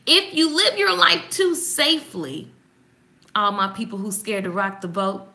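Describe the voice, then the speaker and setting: A woman hosting a casual morning devotional. She reads passages aloud and comments on them in an animated, preachy way, speaking straight to her viewers. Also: mid-range voice, unhurried, gravelly. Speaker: host giving a morning devotional.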